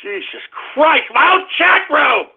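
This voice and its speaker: A man's voice: very high voice, very animated, a little slow, gravelly. Exasperated ranting male radio host. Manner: ranting, swings between groaning and shouting. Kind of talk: exasperated live call-in banter. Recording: tinny phone-line sound.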